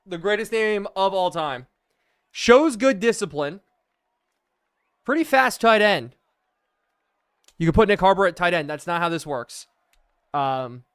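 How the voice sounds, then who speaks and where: A man's voice: a little high, fairly bright tone, clear, resonant tone. A young man live-streaming a video game, chatting to viewers and thinking aloud as he plays.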